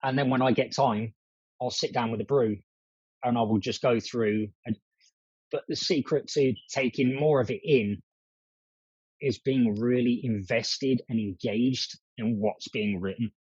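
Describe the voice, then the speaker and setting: A man's voice: mid-range voice, fairly even intonation, a little slow, a little mellow, husky, dry recording, dull audio. A man, a podcast guest chatting earnestly and repeating words as he builds a point. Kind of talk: casual chat.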